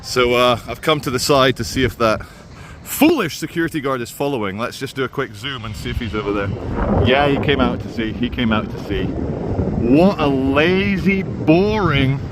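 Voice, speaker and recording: A man's voice: mid-range voice, brisk, noisy background. A man vlogging while he walks outdoors by a waterfront, talking in a sardonic, rambling way into a handheld camera. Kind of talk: walking vlog commentary.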